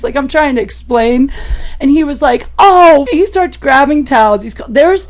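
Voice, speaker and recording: Woman telling a wild story on a podcast. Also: normal speed. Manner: animated, gets loud and high-pitched as the story peaks; laughs through her own story. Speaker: comedian guest on a podcast. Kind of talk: raunchy anecdotal storytelling.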